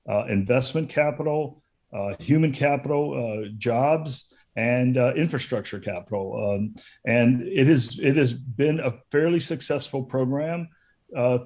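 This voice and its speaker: A man in his fifties, a guest policy consultant speaking on a webinar, measured and full of hesitant fillers. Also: medium pitch, a little mellow. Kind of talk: webinar talk.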